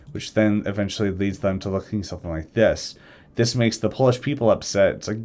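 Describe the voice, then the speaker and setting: A man talking casually on a live stream, rambling through an alternate history, correcting himself and acting out nations in quick quoted asides. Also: lowish voice, darkish tone. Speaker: streamer discussing a game mod's alternate history.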